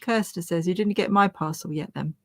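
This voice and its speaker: A woman's voice: on the low side, brisk, no echo, clean studio sound. A woman co-hosting a live stream, easygoing and laughing often as she reads viewer messages. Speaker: co-host reading out viewer messages. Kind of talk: casual live chat.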